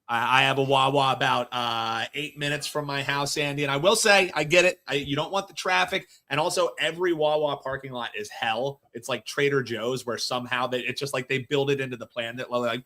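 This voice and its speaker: A man's voice: mid-range voice, a little fast, hardly any pauses, bright, forceful tone. A man co-hosting a sports betting show, chiming in with upbeat, hyped reactions in casual chat. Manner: upbeat hype interjections.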